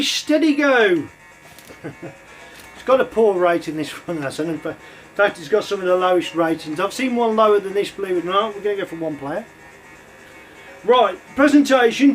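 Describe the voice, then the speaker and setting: A man casually chatting while playing and reviewing old computer games, rambling with lots of ums and uhs. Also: high voice. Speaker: retro game reviewer. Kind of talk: casual gameplay commentary.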